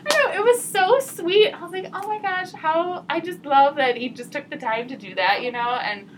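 A woman hosting a podcast in casual chat, telling stories with gushing, animated reactions. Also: very high-pitched, normal speed, a little hiss or hum, poor audio. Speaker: podcast host.

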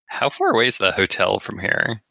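A man's voice: fairly low pitch, huge pitch swings, a little fast, gravelly, pushed and bright, no room sound, lo-fi sound. A man playing a tabletop game, describing his character's actions with some hesitation. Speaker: player.

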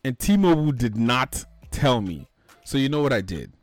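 Animated, ranting man hosting a podcast. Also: medium pitch, moderate pace, no room sound, soft background music. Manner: animated ranting, swears freely. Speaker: podcast host. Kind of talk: casual chat.

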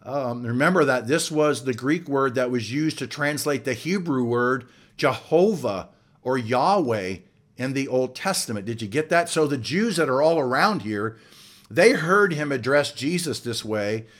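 A man preaching a sermon, earnest and building emphasis with slow, drawn-out words. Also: medium pitch, expressive. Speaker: pastor.

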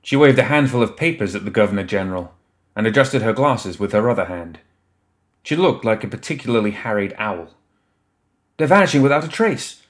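A man reading a fantasy story aloud in measured, scripted audiobook narration. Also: lowish voice, expressive.

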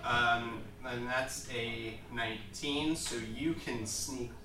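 A man narrating as game master of a tabletop game, loose and halting, with many fillers. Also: mid-range voice, noisy background. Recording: echoey room, distant mic.

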